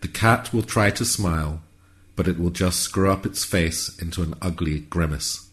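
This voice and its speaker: A man narrating a whimsical story in a calm, measured, wry way. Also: deep voice.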